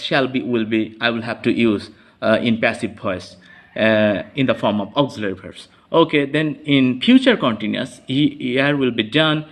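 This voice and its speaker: A man's voice: mid-range voice, echoey room. A male English teacher giving a classroom grammar lesson, explaining step by step and repeating key phrases. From Bangladesh.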